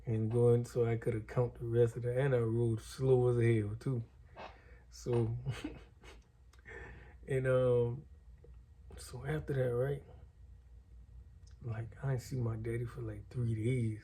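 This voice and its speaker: A man's voice: mid-range voice, flat delivery, slow, long pauses, warm tone, a little hiss or hum. A man telling a story in a loose, slangy and profane way. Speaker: guest storyteller. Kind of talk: casual storytelling.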